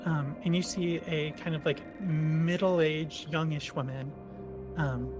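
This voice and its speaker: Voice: medium pitch, fairly even intonation, takes it slowly, over music. A game master narrating a tabletop role-playing scene in a hesitant way with many fillers.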